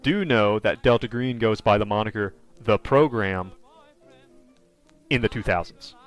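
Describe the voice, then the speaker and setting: A man's voice: on the low side, unhurried, soft background music. A man running a tabletop horror game as game master, describing scenes in a casual, rambling way with many fillers.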